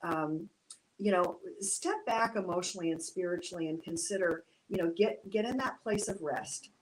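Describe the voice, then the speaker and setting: A woman teaching art in a casual, reflective way, gently encouraging, with many fillers and restarts. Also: lowish voice, moderate pace, poor audio. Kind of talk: casual instructional talk.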